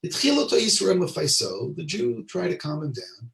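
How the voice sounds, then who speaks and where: A rabbi teaches a Torah class, reading Hebrew and translating each line into English with asides to his audience. His voice has a gravelly edge. It sounds roomy and a little distant from the mic. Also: on the high side, big pitch swings, normal speed, fairly bright tone. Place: lives in Israel.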